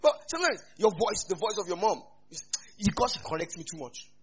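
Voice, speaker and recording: A man with a Nigerian accent preaching a sermon as a pastor, animated, with sudden loud rises. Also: high voice, fast talker, lo-fi sound, a little hiss or hum.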